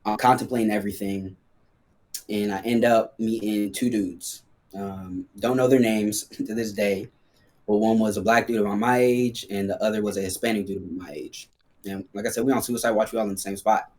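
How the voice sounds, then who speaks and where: Man, podcast guest, lowish pitch, casual slangy storytelling, loose fillers. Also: steady tone, normal speed, darkish tone. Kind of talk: candid personal storytelling.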